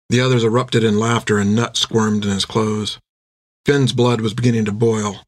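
A man narrating an adventure audiobook with steady storytelling. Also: fairly low pitch, normal speed, dry recording, clean studio sound.

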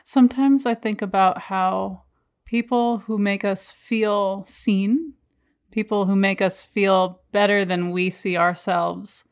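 A woman's voice: medium pitch, steady tone, slow, clear, resonant tone. A woman hosting an interview, making reflective, thoughtful remarks. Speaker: host. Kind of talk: interview conversation.

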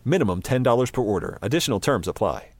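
Male commercial voice-over, lively delivery, faint outdoor noise. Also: medium pitch, quick pace.

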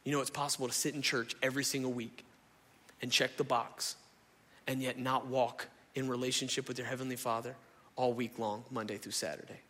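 Impassioned preacher man, bright voice. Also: medium pitch, little pitch movement, a little fast, long reverb tail. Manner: impassioned, conversational, asks the crowd questions. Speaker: pastor. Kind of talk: sermon. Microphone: stage microphone.

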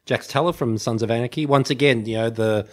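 A man in casual podcast chat, talking haltingly with many fillers and restarts. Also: mid-range voice. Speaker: podcast co-host.

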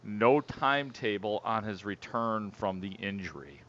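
A man's voice: on the low side, expressive, measured pace, a bit bright. A man co-hosting a sports radio show, teasing his partner in wry banter. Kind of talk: casual sports radio talk. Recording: slightly dull radio broadcast audio.

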